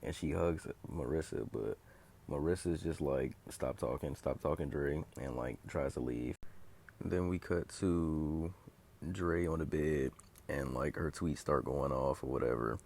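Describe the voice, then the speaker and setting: A young man with a very deep, gravelly voice talks through a TV episode in a loose, casual way. His tone is husky, and he quotes each character without really changing his voice. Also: measured pace, a little mellow. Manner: retells scenes loosely, quoting characters in his own voice. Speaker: video recapper.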